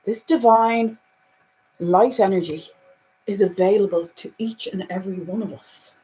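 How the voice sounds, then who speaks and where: A woman giving a spiritual oracle card reading, earnest, full of "you know" fillers, moving between hushed passages and emphatic ones. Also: medium pitch, unhurried, poor audio.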